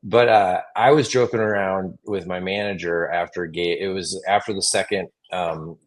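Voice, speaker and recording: Man, Wisconsin accent, very low voice, comedian, casual interview, animated storytelling. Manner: animated storyteller, quick restarts and laughs. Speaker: comedian guest.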